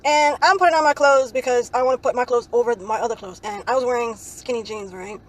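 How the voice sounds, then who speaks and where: This young woman's voice sits on the high side and moves at a quick pace as she rambles through a story in a casual vlog. Frequent "like, um" fillers and "right?" tag questions at the ends of phrases mark her talk, and the audio is poor.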